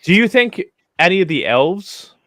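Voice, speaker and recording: Guest man, lively pitch, stop-start phrasing, dry mic. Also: normal speed, dry recording. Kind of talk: casual chat.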